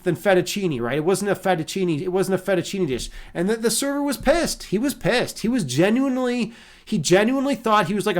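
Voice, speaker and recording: A man streaming casually and talking with his chat in a loose, profane, rambling way. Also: sits high. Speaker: livestreamer and meditation teacher. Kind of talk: casual livestream chat reading viewer comments.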